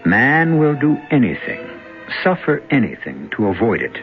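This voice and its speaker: A man hosting a radio drama, narrating in a solemn, deliberate way. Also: medium pitch, huge pitch swings. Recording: lo-fi old radio broadcast with music.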